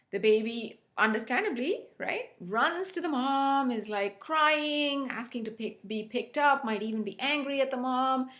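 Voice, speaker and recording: A woman giving an explanatory talk on child attachment, telling it as an animated story and often checking in with "right?" and "okay?". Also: a little high. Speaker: relationship educator.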